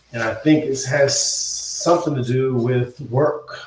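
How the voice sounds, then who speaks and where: Recorded from afar in a heavily echoing room with a little hiss or hum, this man teaches yoga in an unscripted, rambling way. His medium-pitched voice is darkish and measured, and he corrects himself and drops casual slang as he goes.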